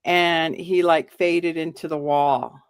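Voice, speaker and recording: A middle-aged woman with a fairly low voice recounts her own haunting with animated, acted-out quotes. The sound is dry and close, with no room around it. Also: takes it slowly, clean tone, no echo. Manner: animated, acts out quoted lines. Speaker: guest storyteller. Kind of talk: telling a personal ghost story.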